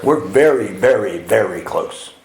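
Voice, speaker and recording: Gravelly man telling his recovery story. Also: lowish voice, lively intonation, a little slow. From California. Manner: storytelling, acts out dialogue, laughs at himself. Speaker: retreat speaker sharing his recovery story. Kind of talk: personal recovery talk to a live audience. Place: retreat meeting room. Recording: roomy echo.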